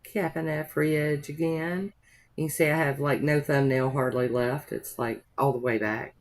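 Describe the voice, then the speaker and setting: A woman's voice: low-pitched, steady tone, normal speed. A woman narrating a nail art tutorial in a chatty, rambling way, with homey asides to her viewers.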